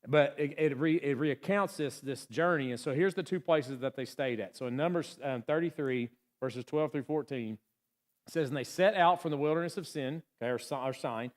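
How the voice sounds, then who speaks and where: A man's voice: a little high, fairly quick. A man preaching in a church in a loose, chatty way. He talks to the congregation like friends, with plenty of fillers, and keeps checking in with "right?" and "you know what I'm saying?". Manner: chatty, asks the congregation questions, many fillers. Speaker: pastor. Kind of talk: casual conversational sermon. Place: church sanctuary.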